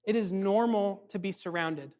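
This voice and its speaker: A man's voice: sits high, normal speed. Chatty man giving a youth sermon. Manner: animated, chatty, constant fillers and check-ins. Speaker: youth ministry speaker.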